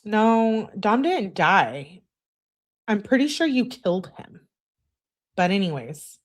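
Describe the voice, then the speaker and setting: A woman hosts a casual true-crime livestream, talking straight to her chat. Her voice sits at an ordinary middle pitch, and her remarks come out sarcastic and exasperated. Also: sing-song, slow. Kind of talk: casual live-stream commentary.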